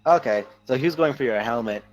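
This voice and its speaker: A man's voice: mid-range voice, brisk, faint music behind, poor audio. A man narrating as game master of a tabletop game, teasing his players.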